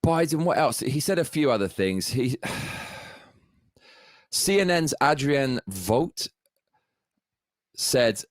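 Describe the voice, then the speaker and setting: A man's voice: medium pitch, lively intonation, slow pace, pauses often, no room sound, clean studio sound. A man delivering an angry, profane political rant, heated and sarcastic throughout. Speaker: political commentator.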